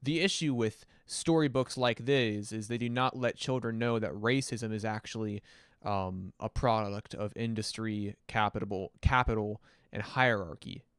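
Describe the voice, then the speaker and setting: A man hosting a livestream, reviewing music submissions in a loose, rambling way, swearing often and filling pauses with ums and uhs. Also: lowish voice, clear, resonant tone, no room sound, clean studio sound. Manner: loose, rambling and profane, many fillers. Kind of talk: casual livestream commentary.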